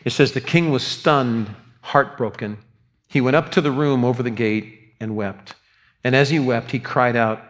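A man's voice: mid-range voice, normal speed. Earnest older man preaching. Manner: earnest, repeats words, drops to soft tones for grief. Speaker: pastor. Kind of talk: sermon.

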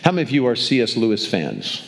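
A man's voice: medium pitch, wildly swooping pitch, quick pace, creaky. Older man preaching conversationally. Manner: conversational storytelling, repeats words as he restarts. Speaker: pastor. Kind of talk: sermon. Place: church, speaking to a congregation.

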